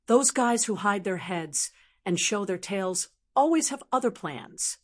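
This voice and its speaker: A woman's voice: on the high side, unhurried, a bit bright, voice pushed up. A woman voicing a suspicious male warrior in bull-head armor, speaking muffled and wary.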